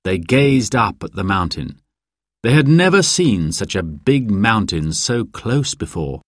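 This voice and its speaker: A man narrating a children's storybook slowly and clearly. His lowish voice moves expressively, and the recording is close and dry with no room sound. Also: dry recording. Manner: slow, clear, expressive reading. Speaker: audiobook narrator.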